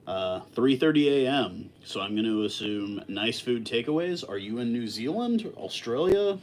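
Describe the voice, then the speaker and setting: A man hosting a casual livestream, chatting with viewers in a relaxed, rambling way with many fillers and restarts. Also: medium pitch, normal speed, slight background noise. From lives in Texas. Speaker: livestream host. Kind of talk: casual live chat with viewers.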